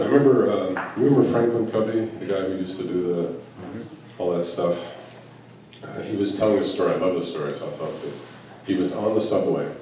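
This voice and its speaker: A low-voiced man gives a spiritual talk, telling stories and chuckling now and then. His tone is mellow and unhurried. He is recorded from a distance in a large, echoing hall, with faint room noise underneath. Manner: storytelling, musing, chuckling often. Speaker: Sufi teacher. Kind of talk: spiritual talk to a live gathering.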